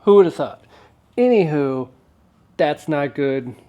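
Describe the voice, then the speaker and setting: A man's voice: a little high, expressive, slow, mellow, lo-fi sound. A man talking casually and wryly to the camera while working on an old truck in a garage vlog. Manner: laid-back and wry, with offhand jokes.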